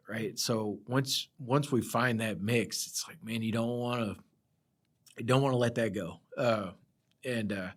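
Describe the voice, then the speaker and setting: A middle-aged man, a project surveyor, telling rambling work stories in a casual chat, laughing often. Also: lowish voice. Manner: laid-back rambling storyteller, laughs often. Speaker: project surveyor, podcast guest.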